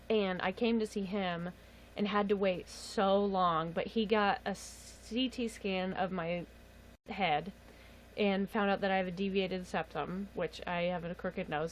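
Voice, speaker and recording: A young woman chats on a home livestream, telling a long story with exasperated asides and frequent laughs. Her voice sits at an ordinary middle pitch for a woman. A faint hiss of background noise runs under the webcam mic. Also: low-quality recording. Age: young adult. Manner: chatty, exasperated, laughs often. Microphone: webcam or phone mic.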